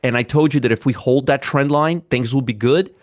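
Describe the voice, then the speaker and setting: A man's voice: medium pitch, brisk, dry recording, studio quality. A man hosting a live trading show, giving blunt, sarcastic market commentary and bantering with chat viewers. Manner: blunt, swears freely.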